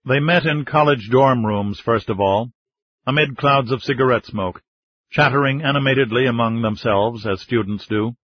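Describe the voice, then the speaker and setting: A man narrating an audiobook thriller in a steady, measured way. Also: medium pitch, dry recording, muffled recording.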